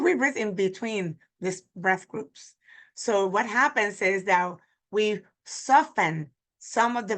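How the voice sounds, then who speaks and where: The speaker is a Spanish teacher from Puerto Rico, a woman with a bright, medium-pitched voice and Spanish as her native tongue. Teaching pronunciation online, she says example words slowly and repeatedly to demonstrate.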